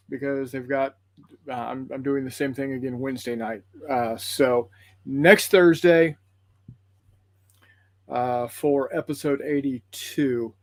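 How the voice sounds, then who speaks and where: A man's voice: mid-range voice, dry recording. A man hosting a tabletop gaming livestream, chatting casually and rambling apologetically through viewer comments with plenty of fillers.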